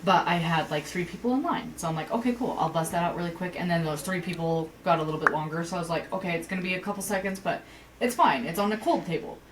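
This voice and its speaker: A woman co-hosting a podcast, telling a work story in casual chat, swearing freely and jumping up in pitch when she quotes herself. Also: fast talker, far from the mic, background noise. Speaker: podcast co-host.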